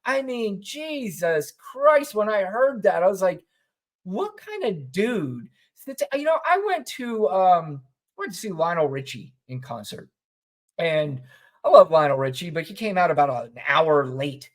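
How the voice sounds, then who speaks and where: A man co-hosting a podcast, giving blunt, sardonic commentary and telling stories in an animated way. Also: sits high, measured pace. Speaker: podcast co-host. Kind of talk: opinionated casual commentary.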